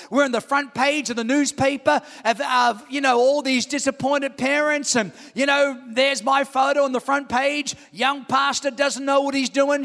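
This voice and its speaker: Man, middle-aged pastor, sermon, very high voice, gravelly, long hall reverb. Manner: animated storytelling preacher, calls out to the congregation. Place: church auditorium.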